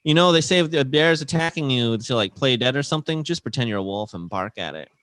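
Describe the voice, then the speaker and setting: A man's voice: mid-range voice, lively intonation, fast, a bit bright, dry recording. Male co-host, giggly news segment, dry close sound, casual banter. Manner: giggly, laughs through his own lines. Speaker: podcast co-host reading news stories.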